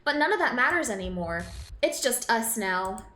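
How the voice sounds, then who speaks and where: A woman's voice: a little high, big pitch swings, moderate pace, bright, forceful tone. A woman reading aloud the lines of a cheerful teenage girl who runs a club. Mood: sweet. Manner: read aloud from on-screen dialogue. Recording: echoey room with game music.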